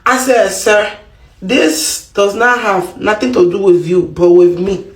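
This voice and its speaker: A woman from Kenya with an East African accent, telling a comic story to camera in an animated, playful way. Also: medium pitch, unhurried, slight background noise. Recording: roomy echo.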